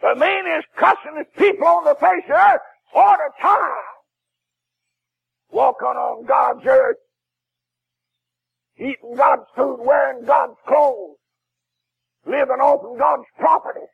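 A man preaching a fiery sermon as a Baptist preacher, shouting with a crying preaching cadence. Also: very high voice, steady tone, takes it slowly, vocal fry, long pauses, phone-quality sound.

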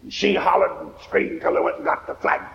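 A male preacher telling a sermon story in a rhythmic, repeating way that builds to shouts. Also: high-pitched, quick pace, creaky, muffled recording, a little hiss or hum. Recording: echoey hall reverb.

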